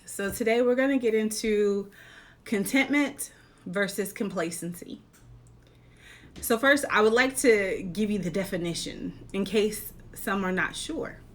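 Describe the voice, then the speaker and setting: Woman, life coach, motivational talk, earnest, rhetorical questions, measured delivery. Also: mid-range voice.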